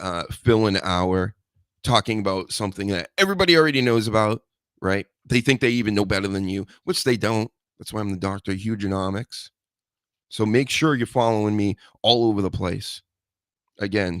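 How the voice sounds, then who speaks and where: Rambling, jokey low-voiced male podcaster. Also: fairly bright tone, no echo, clean studio sound. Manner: rambling, jokey, mock-threatening. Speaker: podcast host. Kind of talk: casual solo wrestling podcast chat.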